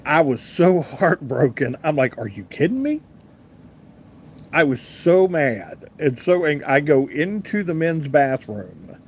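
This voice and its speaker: A man's voice: medium pitch, a little hiss or hum. A man in his fifties, a radio talk show host, telling a rambling personal story and answering viewers' comments in a casual chat. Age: 50s. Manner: chatty, rambling anecdotal delivery with asides to viewers.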